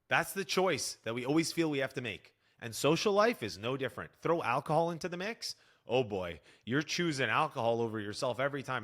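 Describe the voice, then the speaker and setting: A young man coaching on fitness, talking straight to the viewer with energy and acting out little dialogues. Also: mid-range voice. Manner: energetic, animated, acts out dialogue. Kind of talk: direct-to-camera fitness advice.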